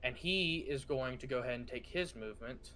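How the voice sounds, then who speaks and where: A man's voice: mid-range voice, brisk, sharp tone. A man narrating and running a tabletop game as game master, describing actions with lots of fillers and restarts. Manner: narrates actions with frequent fillers and self-corrections.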